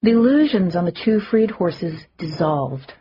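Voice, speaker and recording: A woman's voice: unhurried, a little hiss or hum. Woman reading an urban fantasy audiobook. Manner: lively first-person reading, pitching up for shouted lines. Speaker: audiobook narrator. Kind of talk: audiobook narration with character voices. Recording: muffled lo-fi audio.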